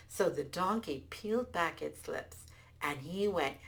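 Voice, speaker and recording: A woman telling a folktale aloud, expressive with small restarts. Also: fairly low pitch, unhurried, vocal fry. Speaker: storyteller. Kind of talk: folktale storytelling.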